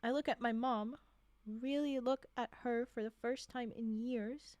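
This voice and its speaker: A young woman streamer reading a holiday story aloud, expressive, with chatty asides. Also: fairly high pitch, measured pace, no room sound.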